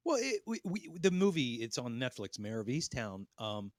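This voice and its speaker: A man's voice: mid-range voice, big pitch swings, normal speed, no room sound. A man from Pennsylvania co-hosting a podcast, telling crude, rambling stories in casual banter. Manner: profane, rambling storytelling. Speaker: podcast co-host.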